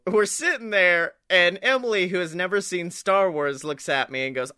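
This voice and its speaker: A young man co-hosting a comedy podcast, telling animated stories in casual chat and swearing freely. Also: sits high, normal speed, hardly any pauses, clear, resonant tone, no echo, studio quality. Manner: animated storyteller, swears freely, acts out quotes. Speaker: podcast co-host.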